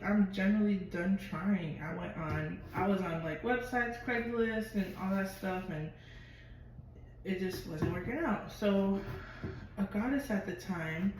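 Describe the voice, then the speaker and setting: A woman's voice: fairly low pitch, a little slow, distant mic. Chatty woman vlogging in an echoey room. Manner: chatty, expressive, swears freely. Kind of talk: casual storytelling to camera. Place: at home. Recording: very echoey room, voice from afar, noisy.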